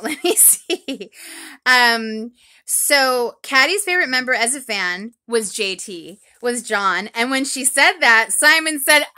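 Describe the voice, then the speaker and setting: A woman talking alone as a podcast reviewer, chatty and rambling with lots of ums, in an animated, expressive voice. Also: a little high. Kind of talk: solo recap vlog.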